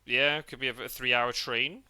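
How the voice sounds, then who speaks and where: Bright-voiced British man chatting. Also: medium pitch, fairly even intonation, moderate pace, clear, resonant tone. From United Kingdom. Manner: chatty, rambling, full of fillers and restarts. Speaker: podcast host. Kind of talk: casual chat. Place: parked car.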